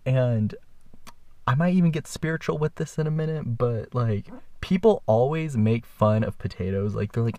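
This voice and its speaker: A man's voice: mid-range voice, animated, moderate pace, darkish tone, dry recording. A young man in his twenties hosting a podcast, telling a story casually in a chatty way and laughing often mid-sentence. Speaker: podcast host.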